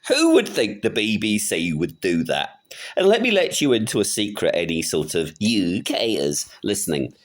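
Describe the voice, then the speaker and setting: A middle-aged man rants his way through a casual political vlog. His pitch swings widely as his tone turns mocking, and he often laughs at his own jokes. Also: sing-song, normal speed. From United Kingdom. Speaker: political vlogger. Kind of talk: casual ranting monologue.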